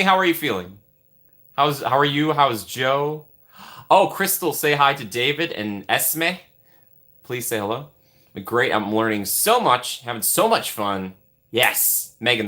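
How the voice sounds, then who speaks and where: A man chatting with his live-stream viewers in a bright, sharp-edged voice that swings widely up and down. He is upbeat and playful, greeting people by name. The talk is loose and casual. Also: mid-range voice. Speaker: livestream host.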